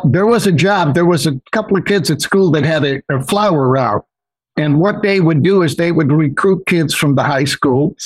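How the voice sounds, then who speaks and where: Older man, folksy rambling storyteller, slightly high voice, dry close mic. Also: no room sound, poor audio. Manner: rambling, folksy, says "so anyway" often. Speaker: podcast guest. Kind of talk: personal storytelling.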